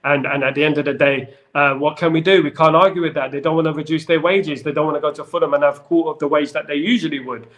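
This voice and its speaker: A man hosting a casual football chat, rambling and jokey with playful wordplay. His voice sits a little higher than most men's. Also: steady tone, fast talker, hardly any pauses, fairly bright tone. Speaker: football channel host.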